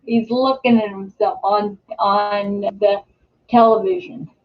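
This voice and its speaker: Slow, rambling woman host on a dull webcam. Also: mid-range voice, steady tone. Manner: rambling, with many fillers and restarts. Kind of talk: casual live-stream chat. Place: at home. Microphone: webcam or computer mic. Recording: slightly dull, lo-fi home webcam audio.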